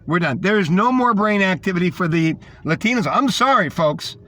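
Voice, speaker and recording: A man's voice: high-pitched, animated, moderate pace, sharp tone, a little hiss or hum. A man delivering a rambling, scornful monologue, repeating himself as he tells a story. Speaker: podcast host. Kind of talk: ranting monologue.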